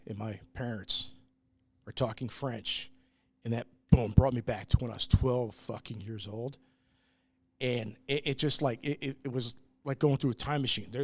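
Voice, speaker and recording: A man's voice: mid-range voice, no room sound. A man in casual podcast chat, telling a personal family story candidly, with restarts and the odd swear word. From New York, US. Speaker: brewery owner, guest.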